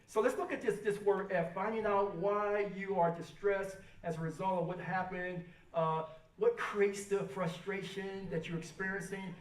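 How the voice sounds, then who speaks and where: A woman speaking at a rally, coaching the audience and asking them to repeat her lines. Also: mid-range voice. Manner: repetitive, coaching, has the crowd repeat lines. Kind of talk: motivational talk to an audience. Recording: echoey hall, voice far from the mic.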